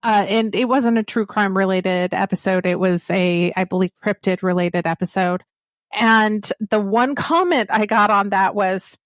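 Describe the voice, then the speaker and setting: A woman's voice: medium pitch, steady tone, unhurried, dry recording, clean studio sound. A woman from the American South, a podcaster speaking bluntly in a roundtable discussion. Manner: blunt, profane, unbothered.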